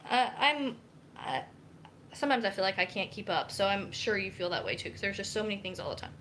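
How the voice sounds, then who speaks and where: A woman's voice: mid-range voice, expressive, quick pace, a bit bright, a little hiss or hum. A young woman, a dietitian, chatting casually and rambling with many fillers while cooking in her home kitchen on a live stream. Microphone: camera mic.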